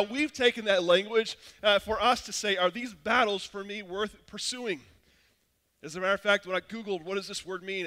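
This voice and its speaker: A man in his thirties preaching a sermon, casual and animated, telling a personal story with frequent restarts. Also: high voice. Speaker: pastor.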